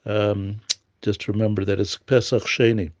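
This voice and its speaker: A man giving an informal Torah lesson in English, quoting Hebrew texts and explaining them with frequent pauses and fillers. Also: on the low side, level tone, darkish tone, no room sound. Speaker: Torah teacher. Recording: dull lo-fi audio.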